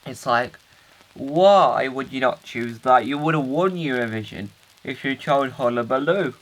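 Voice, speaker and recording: Man doing a dad character, rambling, hesitant, earnest, bright voice, middle pitch, comic video diary. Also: measured pace, close to an everyday voice, poor audio. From United Kingdom. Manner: rambling, hesitant, self-interrupting.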